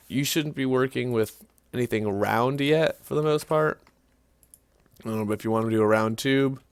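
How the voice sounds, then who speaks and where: Low gravelly man walking through software. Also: no echo. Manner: casual, thinking aloud with fillers and self-corrections. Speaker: CAD tutorial instructor. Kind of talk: screen-recorded software walkthrough.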